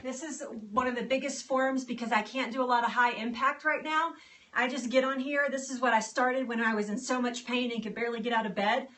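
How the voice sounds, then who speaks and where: A woman's voice: fairly high pitch, fairly even intonation, a little fast, fairly bright tone. A woman health coach chatting casually on a live stream, upbeat and talking straight to her viewers about getting started with exercise.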